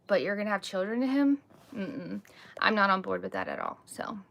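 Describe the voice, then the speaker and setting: Woman streamer, frank conversational chat to camera, slight vocal fry. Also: mid-range voice, lively intonation, normal speed, fairly bright tone. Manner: candid, talks with many "like" and "um" fillers. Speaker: live stream host. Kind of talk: casual live chat answering comments. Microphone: phone or webcam, live stream.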